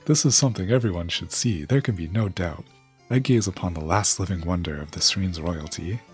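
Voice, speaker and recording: A man's voice: deep voice, brisk, darkish tone, faint music behind, close to an everyday voice. A man reading out a vain, fawning male noble from a game. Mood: admiring.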